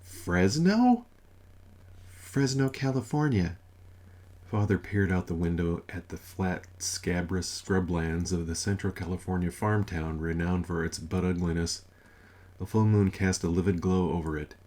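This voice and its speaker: Low-voiced male narrator, dry wry read of a comic novel. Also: fairly even intonation, normal speed, darkish tone. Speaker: audiobook narrator.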